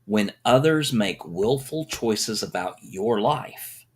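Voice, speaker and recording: Very low, husky, slow-talking woman. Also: expressive. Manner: brief agreeing responses. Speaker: podcast co-host. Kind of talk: casual chat.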